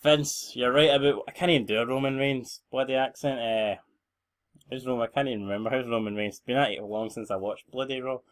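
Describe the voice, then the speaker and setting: A man's voice: medium pitch, steady tone, fast talker. A young Scottish man giving rambling, blunt, sweary commentary on a game he is playing. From Scotland. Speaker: gaming channel host.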